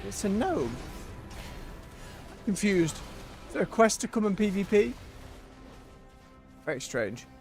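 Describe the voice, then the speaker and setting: A man's voice: high-pitched, big pitch swings, slow, pauses often, a little mellow. A man streaming an online role-playing game, chatting casually and thinking aloud as he plays. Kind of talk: casual live-stream commentary. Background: game music.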